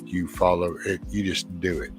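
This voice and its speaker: Deep-voiced man, relaxed chat host. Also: moderate pace, soft background music. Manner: relaxed, rambling, reads out chat comments. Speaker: host reading viewer comments. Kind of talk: casual chat.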